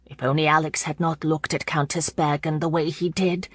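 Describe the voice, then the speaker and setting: A woman's voice: low voice, level tone, normal speed, breathy edge, no room sound. Woman narrating a romance audiobook.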